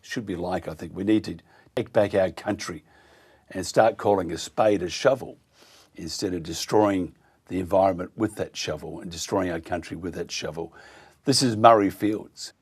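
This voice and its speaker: An Australian man hosting talk radio, indignant and halting, with many fillers. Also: low voice, slightly rough. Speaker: radio host.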